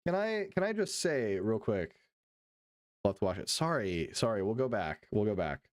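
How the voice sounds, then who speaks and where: A young man streaming, reacting to clips in profane, excited commentary full of laughs. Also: fairly low pitch, moderate pace, no room sound, studio quality.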